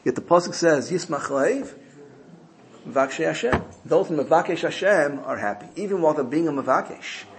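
A man giving an animated Torah sermon, telling stories and using Hebrew and Yiddish terms. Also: a little high, quick pace, few pauses, background noise. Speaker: rabbi teaching Torah. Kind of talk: sermon with storytelling.

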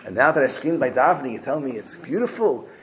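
A man's voice: medium pitch, very animated, quick pace, natural voice. A man voicing an earnest, emotional Hasidic worshipper in a told story, pleading and eager. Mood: apologetic.

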